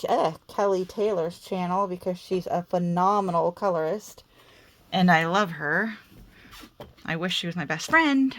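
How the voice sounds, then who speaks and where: A chatty woman with a slight Southern American accent hosts a casual crafting video in a lowish, slightly bright voice. She's self-deprecating and talks to herself while she works.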